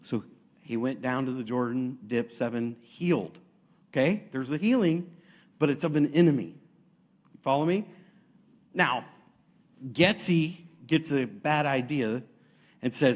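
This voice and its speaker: A man preaching a sermon, retelling stories in a lively, casual way and acting out the quotes. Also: a little high, unhurried.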